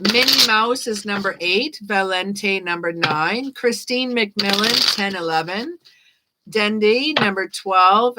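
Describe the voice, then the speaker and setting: A woman giving tarot readings on a casual live stream, chatting and reading card meanings aloud as she thinks out loud. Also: medium pitch, very noisy. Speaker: tarot reader.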